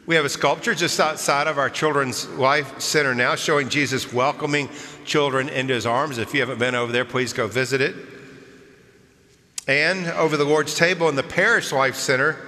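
A male pastor giving a sermon, telling funny stories about children with gentle chuckles, then preaching earnestly. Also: medium pitch. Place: large church sanctuary. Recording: long church-hall reverb.

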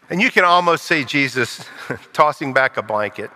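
Older guy giving a sermon, echoey big hall, does little voices, goes quiet on serious bits. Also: mid-range voice, animated, normal speed. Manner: acts out quoted voices, dropping to a hush for solemn lines. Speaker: preacher.

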